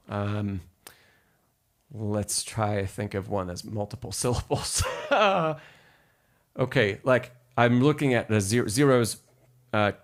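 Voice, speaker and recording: This man's voice sits lowish as he teaches piano over a live stream. He takes his time explaining rhythm, counts beats out loud, and responds to chat questions.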